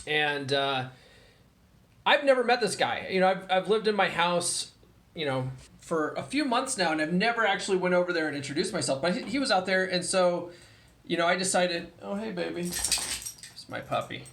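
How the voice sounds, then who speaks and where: High-voiced man telling a casual story. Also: animated, moderate pace, fairly bright tone. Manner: casual, profane, chatty with many fillers; mimics others in a raised voice when quoting them. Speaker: vlogger.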